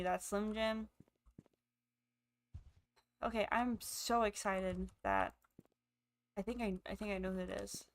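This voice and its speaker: Woman, gamer, let's play commentary, excitable, thinking aloud, hiccups, middle pitch. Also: slow pace, gravelly, long pauses.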